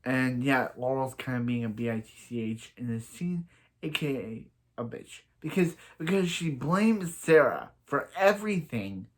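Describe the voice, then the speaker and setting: A man's voice: mid-range voice, lively intonation, moderate pace. Rambling man recapping a TV episode. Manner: rambling, stumbling over restarts; bluntly opinionated. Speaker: TV episode reviewer.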